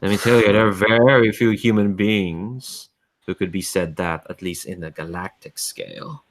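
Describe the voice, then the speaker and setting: A man's voice: deep voice, fairly even intonation, moderate pace. A man voicing a bored, mocking being from another dimension, talking in an amused, condescending way.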